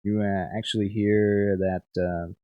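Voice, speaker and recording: A man's voice: on the low side, flat delivery, a little slow, no room sound, phone-quality sound. A young man narrating as game master, rambling with lots of fillers and repeated words.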